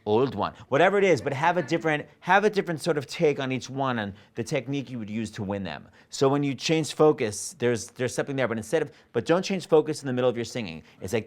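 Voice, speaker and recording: A man coaching a singer in a master class, animated and jokey, acting out lines and scatting melodies. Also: medium pitch, brisk. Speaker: vocal coach. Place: studio or rehearsal room.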